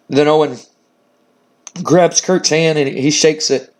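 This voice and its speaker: A man hosts a casual gaming video, recapping wrestling matches and backstage scenes in a loose, rambling way. His voice sits fairly high, full of fillers and restarts. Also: steady tone, slow pace, long pauses. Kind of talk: casual game playthrough recap.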